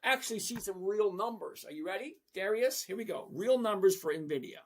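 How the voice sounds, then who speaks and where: Blunt high-voiced man with a gravelly edge. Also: expressive, fairly quick. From lives in Florida. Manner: blunt, sarcastic, talks to viewers by name. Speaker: trading channel host. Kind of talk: casual stock commentary over a screen share.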